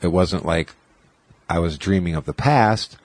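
Forties male podcast host; husky, lowish, dry, rambling personal storytelling. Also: a little slow, no room sound. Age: 40s. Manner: rambling storytelling, quoting others in raised voices. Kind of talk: casual chat.

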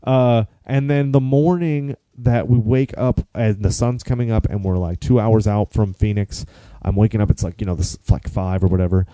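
Young male comic, mellow voice, dry close mic, casual rambling storyteller who swears a lot and does voices. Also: on the low side, steady tone, normal speed, no room sound. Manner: rambling, profane, acts out voices in his stories. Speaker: comedian guest.

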